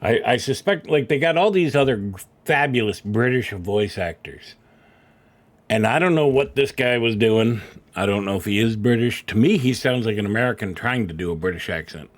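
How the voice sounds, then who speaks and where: A middle-aged man streams a video game from home, chatting into a desk microphone and poking fun at himself in casual live commentary. His voice is fairly low and animated, at a normal speed.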